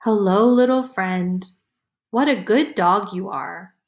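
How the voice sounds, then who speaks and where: A woman reading aloud puts on a kind teenage boy from a storybook, gentle and soft-spoken. His voice sits a little higher than her narration and coaxes tenderly, with an echo from the room. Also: sing-song, takes it slowly, full character voice.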